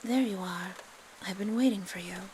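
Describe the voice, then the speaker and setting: A woman's voice: mid-range voice, a little mellow, slight background noise, natural voice. A woman putting on a poised French-accented witch. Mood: cool, composed. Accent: put-on French. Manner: smooth, formal, unhurried. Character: poised, tall female witch, coolly detached. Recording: background music under the voice.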